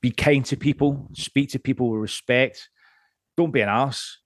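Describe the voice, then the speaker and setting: A man's voice: mid-range voice, normal speed, no echo, clean studio sound. A man in his late thirties, from Scotland, talking as a podcast guest in a casual chat. He rambles, restarts a lot and swears freely. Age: late 30s.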